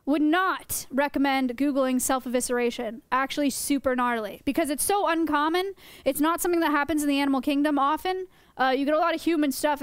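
A woman's voice: sits high, no room sound. A young woman teaching her stream chat about animals in a playful, joking way, often laughing. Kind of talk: casual livestream lesson.

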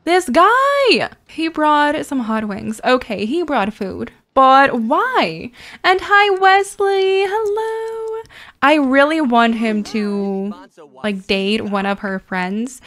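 High-voiced woman gushing over gameplay. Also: slow. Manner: excitable, gushing, giggly. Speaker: gaming video host. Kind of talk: casual let's-play commentary.

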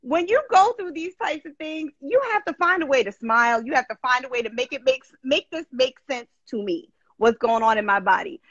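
A woman's voice: high-pitched, expressive, a little fast, hardly any pauses, a bit bright, no echo, lo-fi sound. A woman host speaking emphatically to her audience and guest in an interview. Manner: emphatic, addresses audience directly. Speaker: show host. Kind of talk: interview hosting.

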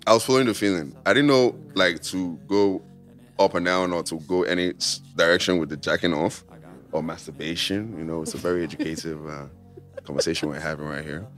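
Deep-voiced young Nigerian man, candid. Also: steady tone, a little fast, a bit bright, soft background music. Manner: candid, laughing, acts out his own past thoughts. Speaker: podcast guest. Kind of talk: casual podcast chat.

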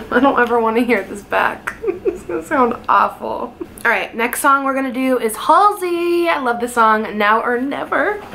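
High-voiced giggly young woman vlogger. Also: animated, normal speed, gravelly, a little hiss or hum. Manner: giggly, nervous, self-mocking; sings loud without hearing herself. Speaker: YouTuber. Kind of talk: casual vlog chat and amateur singing.

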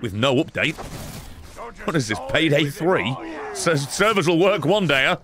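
A man doing gameplay commentary, loud and sarcastic, swearing and shouting at the game. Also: fairly high pitch, lively intonation, measured pace, crowd noise. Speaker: gaming streamer.

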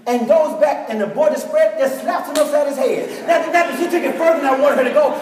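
A middle-aged man preaching a sermon with storytelling, animated and acting out conversations. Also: extremely high pitch, quick pace, few pauses, a faint crowd. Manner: animated preacher, acts out students in dialogue. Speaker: pastor. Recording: echoey hall from far off.

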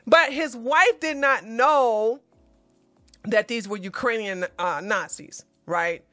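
A woman hosting a political commentary show, talking over a video in an animated, emphatic way. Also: fairly high pitch, takes it slowly, no room sound. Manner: animated, emphatic, profane outbursts.

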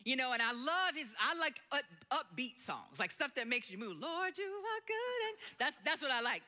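A woman, telling her own story in a church sermon and dropping to a soft hush at quiet moments. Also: on the high side, lively intonation, a little fast. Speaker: preacher sharing testimony. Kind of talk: sermon testimony. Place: church sanctuary.

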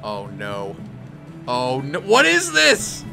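A young man commenting as he plays a video game, jokey and animated, yelping and apologizing loudly as things go wrong. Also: medium pitch, slow, creaky. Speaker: streamer playing a video game. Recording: faint game music behind.

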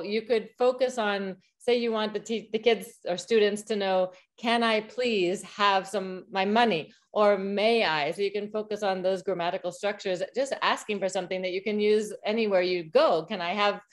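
Woman host interviewing a guest, encouraging and friendly, medium pitch. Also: fairly even intonation, normal speed, few pauses. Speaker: podcast host. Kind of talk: podcast interview.

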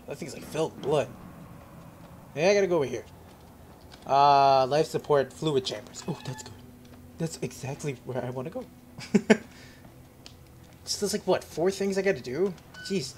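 A man giving joking, profane commentary while playing a horror game, yelping and shouting whenever something chases him. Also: on the high side, slight background noise. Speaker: let's play host. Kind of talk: casual horror gameplay commentary.

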